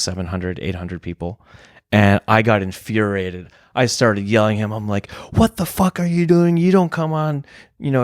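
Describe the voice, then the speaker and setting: A man's voice: lowish voice, dry recording, studio quality. A young adult man, a DJ, talking openly and reflectively on a podcast, telling a personal story with fillers and restarts. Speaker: DJ and podcast guest. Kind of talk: candid conversational storytelling.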